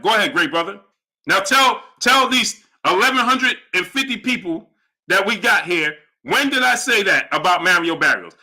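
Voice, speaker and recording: A young man hosts a live boxing stream, talking emphatically and repeating lines for effect. His voice sits a little high and sounds bright and forceful. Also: husky. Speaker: boxing livestream host. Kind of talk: live stream chat, reading Super Chats.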